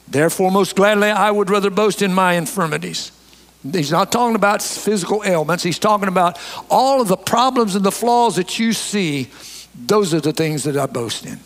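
A man's voice: sits high, normal speed, long reverb tail. A man preaching a sermon as pastor to his church, reading scripture and urging honesty.

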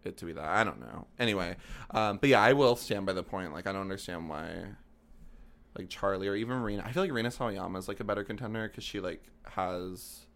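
A man's voice: low-pitched, quick pace, fairly bright tone. A young man co-hosting a podcast in casual chat, rambling and hesitant with lots of filler words. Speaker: podcast co-host.

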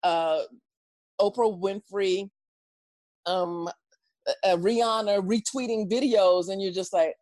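A woman guest telling a story in an interview, lively and expressive, acting out voices and laughing often. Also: medium pitch, slow, pauses often, dry recording.

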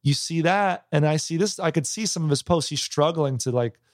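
A man's voice: a little high, a little fast. A comedian in his thirties, tired from little sleep, chatting casually and rambling with lots of restarts and "bro" and "dude". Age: 30s. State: tired, yawning. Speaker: stand-up comedian. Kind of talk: casual podcast chat.

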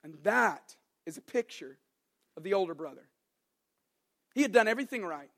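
A young adult man preaching a sermon as an animated, joking storyteller. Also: high-pitched, normal speed. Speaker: pastor.

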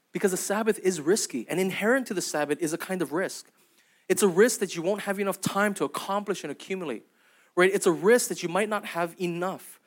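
A young adult man preaching a sermon as pastor, in a conversational, storytelling way that keeps checking in with "right?" and "okay?". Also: high-pitched. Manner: acts out quoted voices in anecdotes.

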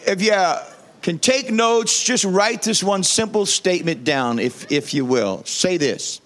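A man's voice: high voice, a little slow, a bit bright. A male pastor preaching a sermon, leading his congregation in call-and-response and repeating phrases with enthusiasm.

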